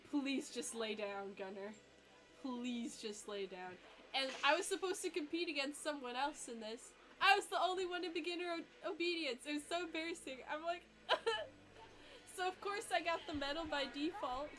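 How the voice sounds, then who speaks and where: A woman's voice: sits high, normal speed, a bit bright. A young woman giving a casual, giggly, rambling reaction commentary with lots of fillers. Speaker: vlogger reacting to her own dog competition video.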